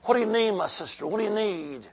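A man preaching a revival sermon, exhorting the congregation and swinging from shouts to whispers. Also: high-pitched, expressive, quick pace. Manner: calls out to the congregation.

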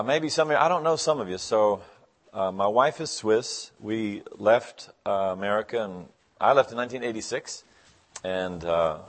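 A man, a guest pastor, giving a sermon in a church, telling stories and acting out conversations with lively, animated delivery. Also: on the low side. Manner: animated storyteller, acts out dialogue in the joke. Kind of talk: sermon with storytelling.

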